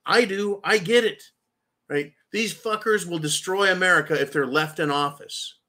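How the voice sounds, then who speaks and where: A man's voice: high-pitched, moderate pace, pushed and bright. A man hosting a political commentary show, delivering a vehement, profane rant that keeps turning to address his audience as "folks".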